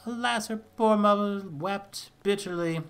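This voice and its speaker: A man's voice: high voice, measured pace, fairly bright tone, clear, resonant tone, voice pushed up. A man voicing a wandering medieval free man in a video game, speaking in old-fashioned formal phrases. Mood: lamenting.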